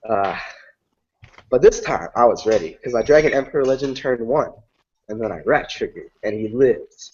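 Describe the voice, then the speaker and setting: A man's voice: medium pitch, normal speed, a little hiss or hum. A young man in casual chat, animatedly recounting card game matches, swearing freely and acting out what people said. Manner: animated storytelling, swears freely, acts out quotes. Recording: dull lo-fi sound.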